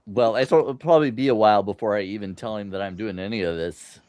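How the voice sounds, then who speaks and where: Man, podcast guest, plain delivery, low-pitched voice. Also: fast, darkish tone, a little hiss or hum. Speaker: podcast guest, freelance writer. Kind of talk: casual chat.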